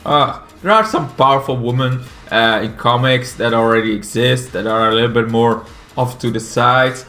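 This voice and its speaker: A man from Belgium with a Flemish Dutch accent and Flemish Dutch as his first language. He gives casual, rambling commentary on comics, swearing freely and stumbling over fillers. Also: medium pitch. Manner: profane, excitable, halting with many fillers.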